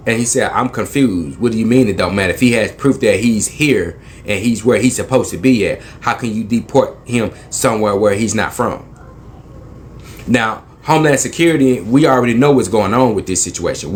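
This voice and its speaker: A man's voice: lowish voice, a little hiss or hum. A young man from East Saint Louis, Illinois, retelling a tense story in slangy, emphatic speech, acting out both sides of the dialogue and repeating phrases for weight.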